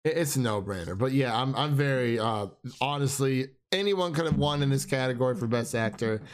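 A young man in a relaxed film conversation, rambling and laughing as he goes. His pitch sits in the middle range. He often trips over his words and starts again. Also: fairly quick. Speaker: film podcast co-host. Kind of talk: casual chat.

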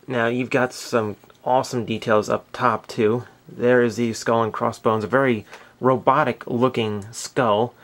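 A man's voice: medium pitch, moderate pace. A man hosting a casual toy review video, chatty and enthusiastic, with self-deprecating asides.

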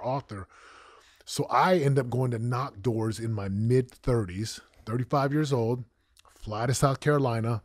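A man in his forties tells his life story in an emotional, animated way, acting out what people said. His voice is husky and a little breathy. The sound is dry and close to the mic, with no room echo. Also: mid-range voice. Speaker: guest, former football champion and coach. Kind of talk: candid storytelling interview.

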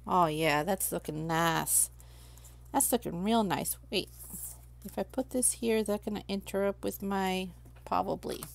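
A woman's voice: medium pitch, measured pace, gravelly. A woman hosting a crafting livestream, chatting casually with viewers and thinking aloud while she works. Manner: chatty, talks to herself while working, reads chat aloud.

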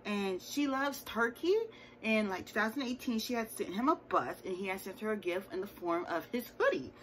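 A woman's voice: mid-range voice, expressive, moderate pace, fairly bright tone, a little hiss or hum, poor audio. A woman hosting her own channel, recapping a reality show episode in a chatty, sassy way with playful asides. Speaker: TV show reviewer. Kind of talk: casual recap chat.

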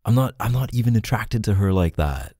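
A man's voice: lowish voice, expressive, brisk, mellow, husky, dry recording, studio quality. A man voicing a defensive boyfriend in a jealous argument, in a whispered role-play, pleading and flustered, sighing often.

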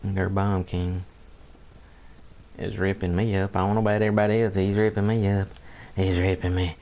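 A man's voice: low voice, level tone, moderate pace, darkish tone, slight background noise. A man giving casual gameplay commentary, grumbling in disbelief, repeating himself and chuckling, with folksy mild oaths.

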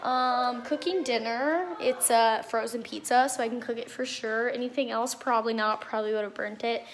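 A woman's voice: fairly high pitch, steady tone, normal speed. A teenage girl chatting casually in a vlog, swearing a lot, filmed on a phone in her car. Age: teens. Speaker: vlogger. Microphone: phone camera.

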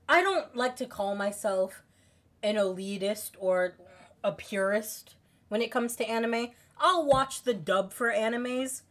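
A young woman streaming a game, chatting casually with her viewers, excitable, giggly and quick to swear. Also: on the high side. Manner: excitable, giggly, swears freely, talks to chat. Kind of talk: casual let's-play commentary.

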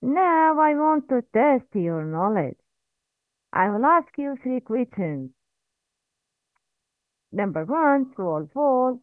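A woman teaching Quran recitation, drilling pronunciation slowly and correcting errors. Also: high voice, big pitch swings, dry recording. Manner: slow, drilling repetition with corrections. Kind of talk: recorded language lesson. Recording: tinny phone-like audio, dry.

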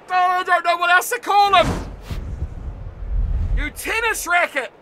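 A man with a New Zealand accent commentating his own rugby video game, yelling mock insults at the players and then muttering to himself. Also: very high-pitched, unhurried, pauses often, crowd noise, background noise. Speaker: gaming YouTuber.

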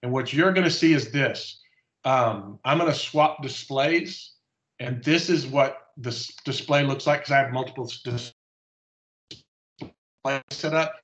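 A man presenting at a conference, walking through a live software demonstration step by step in a casual, explanatory way. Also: mid-range voice, a little slow. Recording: slightly dull lo-fi audio.

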